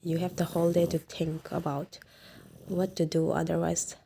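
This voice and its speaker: A woman's voice: on the low side, flat delivery, moderate pace, gravelly, warm tone, a little hiss or hum. A woman voicing a cruel, scheming young husband who gives commands and threats in a fan fiction story. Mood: threatening.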